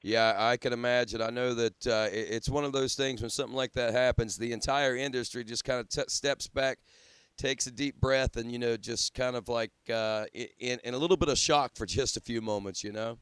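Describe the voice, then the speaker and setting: Upbeat radio host with a smooth voice. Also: male voice, medium pitch, fairly even intonation, brisk, a bit bright, no room sound. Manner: enthusiastic, friendly, says "man" often. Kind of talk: interview hosting.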